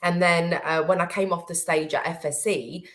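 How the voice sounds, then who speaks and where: A woman, a business-owner guest on a podcast, with a fairly low voice. She is tearful and hesitant, filling pauses with "um" and "you know" as she talks. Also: steady tone, fairly bright tone. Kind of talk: casual conversation.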